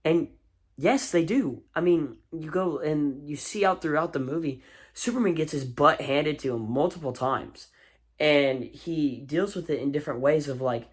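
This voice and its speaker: A man's voice: a little high, moderate pace, husky. A man giving a casual spoken movie review, enthusiastic and rambling, with fillers and restarts.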